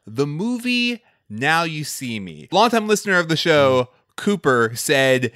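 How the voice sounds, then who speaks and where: A man co-hosting a casual movie review podcast, talking in an animated, emphatic way and laughing often. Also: fairly high pitch, measured pace, no echo, studio quality. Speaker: podcast co-host.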